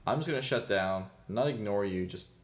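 With a lowish voice and a slightly fast pace, this young podcast co-host rambles through casual chat, full of fillers and laughter. Slight background noise is audible.

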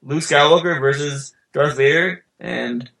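A laid-back man reading out a countdown on a casual podcast, pausing often with fillers. His voice is gravelly, and the room around him rings with echo. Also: fairly high pitch, fairly bright tone. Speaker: podcast co-host.

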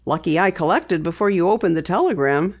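A woman voicing a mischievous, teasing teenage daughter in a higher, playful voice. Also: animated, a little fast, lo-fi sound.

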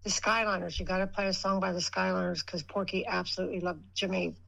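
A woman's voice: on the low side, little pitch movement, quick pace, creaky, sharp tone, low-quality recording. An older woman, a guest on a radio show, rambling through a personal story and acting out what people said. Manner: rambling, acts out quoted dialogue in her story. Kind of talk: casual storytelling.

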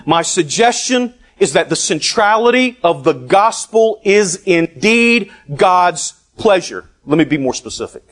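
A man preaching a sermon, deliberate and emphatic, with long pauses. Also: high-pitched, sing-song, a bit bright.

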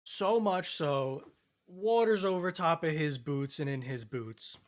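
A man's voice: on the high side, takes it slowly. A man in casual chat, recounting events in a laid-back, step-by-step way.

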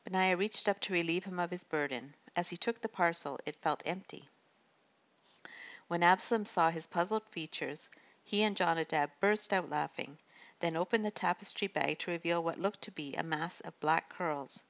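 A woman narrates an audiobook in steady, measured prose. Her voice sits low, and the recording has a muffled, lo-fi quality. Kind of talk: scripted narration of a historical novel.

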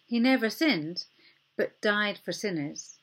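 Husky-voiced woman preaching conversationally. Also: mid-range voice, lively intonation, slow pace. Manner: conversational, earnest, acts out short quoted exchanges. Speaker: pastor. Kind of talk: sermon.

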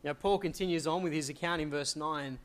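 A man's voice: a little high, fairly quick, a bit bright. A man preaching an expository sermon, reading scripture aloud and asking questions he then answers. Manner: explains, asks rhetorical questions and answers them; reads scripture aloud in old wording. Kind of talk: expository Bible teaching.

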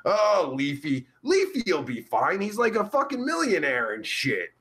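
A man's voice: high-pitched, huge pitch swings, measured pace, a bit bright, heavily acted. A man playing a crude, vulgar livestream host who rambles profanely while reading out chat. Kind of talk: live chat comedy stream.

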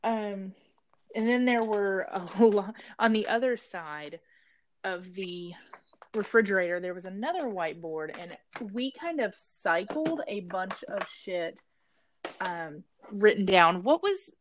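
A woman co-host in easygoing podcast banter, blunt and quick to joke, with offhand swearing. Her voice sits at a plain middle pitch for a woman. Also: lively intonation, slight background noise. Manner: blunt, joking, swears casually. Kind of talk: casual chat.

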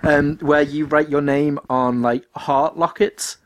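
A man's voice: on the high side, steady tone, slow pace, no room sound. A man co-hosting a podcast in casual chat, jokey and teasing. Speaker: podcast co-host.

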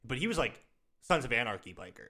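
A man's voice: mid-range voice, big pitch swings, quick pace, sharp tone, breathy edge. A man telling crude, profane stories in a casual chat, putting on voices for the people in them.

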